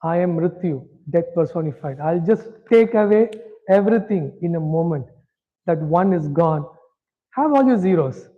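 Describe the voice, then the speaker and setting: The lo-fi, dull-sounding recording captures a man teaching scripture at a normal pace, his voice sitting fairly high. Relaxed and chatty, he repeatedly asks whether listeners are keeping up during the interactive lecture.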